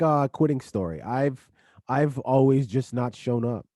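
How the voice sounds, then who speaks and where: A man co-hosting a casual podcast, with playful, expressive reactions. His pitch moves a lot and his tone is warm and mellow. The sound is dry and close. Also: measured pace, no echo. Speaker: podcast co-host.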